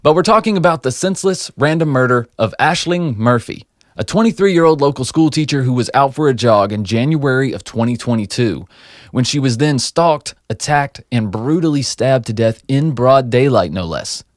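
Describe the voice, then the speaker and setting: Male podcast host, upbeat and jokey, average pitch, dry studio sound. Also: animated, moderate pace, no echo. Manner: upbeat, joking banter. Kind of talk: casual podcast chat and case rundown.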